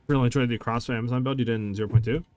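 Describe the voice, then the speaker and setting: A man's voice: medium pitch, steady tone, racing, a little mellow, no room sound. A man streaming a game, chatting casually with his viewers in a laid-back, talkative way. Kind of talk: casual live-stream chat while gaming.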